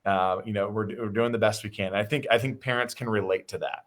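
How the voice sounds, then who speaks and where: A man's voice: lowish voice, fairly even intonation, fairly quick, a bit bright. A middle-aged man hosting a conversation, telling a friendly anecdote about his family with casual fillers. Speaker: mayor and host.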